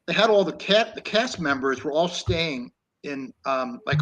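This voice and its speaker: A man's voice: fairly high pitch, expressive, measured pace, a bit bright, low-quality recording. A man co-hosting an online talk show, chatting loosely about an old film with many restarts. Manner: rambling, with many restarts and laughs. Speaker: co-host. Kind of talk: casual film discussion.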